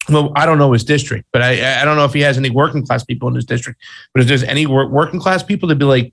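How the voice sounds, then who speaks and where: Gravelly, exasperated man co-host. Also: mid-range voice, fast, fairly bright tone. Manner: exasperated, sarcastic, casual slang. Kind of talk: political commentary chat.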